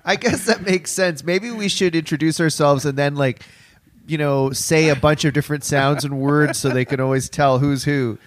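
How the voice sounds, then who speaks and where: A man's voice: a little high, moderate pace. A young man co-hosting a podcast in casual comedic chat, wry and rambling, easily amused. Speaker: podcast co-host.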